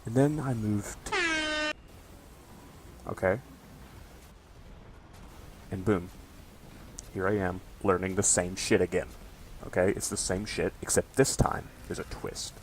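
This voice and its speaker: A man's voice: deep voice, slow, long pauses, darkish tone, a little hiss or hum. A young man in college ranting casually to camera, swearing often and tagging his lines with "okay?". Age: young adult. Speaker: college student vlogger.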